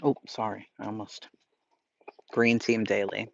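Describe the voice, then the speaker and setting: A man's voice: fairly low pitch, flat delivery, measured pace, vocal fry, slight background noise. Boston-accented male streamer, blunt and profane, casual rant over slightly dull, lo-fi audio. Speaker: livestream host reading chat. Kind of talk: casual chat.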